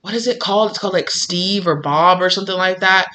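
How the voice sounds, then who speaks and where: Talking fast in a fairly low voice, a woman who reads tarot offers a laid-back spiritual message, lively and talkative, with constant "like" and "you know." The rough recording has a little hiss or hum.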